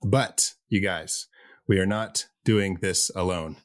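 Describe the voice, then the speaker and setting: A man's voice: sits low, slow pace. A man hosting a horror movie podcast, chatting casually and joking with his co-hosts. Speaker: podcast host.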